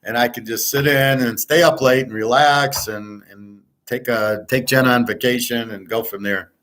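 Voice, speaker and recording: A man's voice: medium pitch, steady tone, moderate pace, fairly bright tone. An older man hosting a livestream, ranting bluntly and profanely, repeating his points with emphasis and speaking straight to a viewer. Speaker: host.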